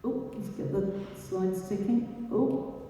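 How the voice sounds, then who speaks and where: A woman giving a live talk, chatty and lively, asking the audience questions as she goes. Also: mid-range voice, takes it slowly, faint music behind. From England. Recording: echoey hall, mic far off.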